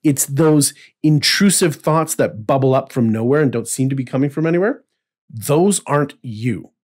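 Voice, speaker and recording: A man's voice: medium pitch, lively intonation, normal speed, a little mellow. A man co-hosting a podcast in casual chat, earnest and rambling with frequent restarts. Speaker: podcast co-host.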